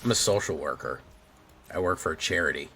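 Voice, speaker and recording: A man streaming a card game, casually muttering his plays aloud with quick exclamations. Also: low voice, vocal fry, pushed and bright, slight background noise. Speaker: gaming streamer. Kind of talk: casual gameplay commentary.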